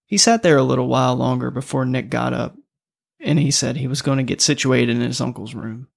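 Male audiobook narrator, mid pitch, gravelly, loose and profane. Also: brisk. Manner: casual, profane storytelling.

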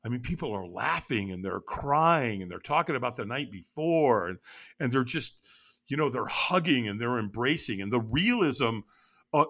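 Middle-aged man, bright and clear, lively guest storyteller who jumps into his own quoted lines. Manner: animated, acts out his own past lines with jumps in pitch. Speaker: podcast guest. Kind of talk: storytelling interview.

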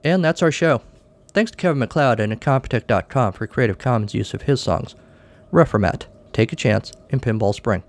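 A man's voice: mid-range voice, expressive, brisk, a little hiss or hum. A man hosting a podcast, reading a short story aloud and closing the show with offhand, dry remarks. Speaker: podcast host.

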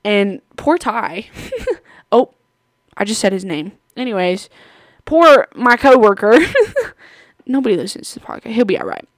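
A woman hosts her podcast in loose, rambling storytelling, laughing often as she goes. Her voice sits in an ordinary middle pitch and is recorded close on the mic in a dry room. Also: lively intonation, unhurried, long pauses, no room sound. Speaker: podcast host. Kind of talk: casual storytelling chat.

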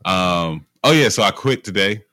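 A young man in casual chat, telling stories in an animated way with heavy slang and swearing. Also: low-pitched, moderate pace, dry recording, studio quality. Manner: animated storytelling, profane slang.

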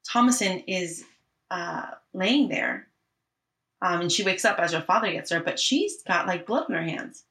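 A woman in casual podcast chat, retelling a film scene by scene with lively, profane storytelling. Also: on the low side, moderate pace. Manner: animated storytelling with swearing and acted quotes.

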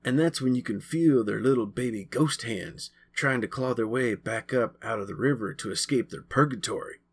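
A man voicing an excitable teenage boy who tells ghost stories like an eager showman. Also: medium pitch, moderate pace, breathy edge.

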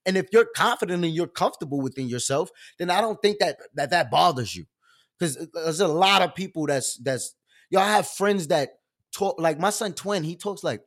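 A high-pitched man speaking at normal speed hosts his own live stream. He's loud and animated, with expressive delivery, casual slang and frequent fillers.

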